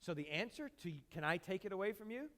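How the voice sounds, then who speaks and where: A pastor preaching a sermon, acting out pleading prayers loudly, then dropping low and quiet. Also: male voice, expressive, brisk.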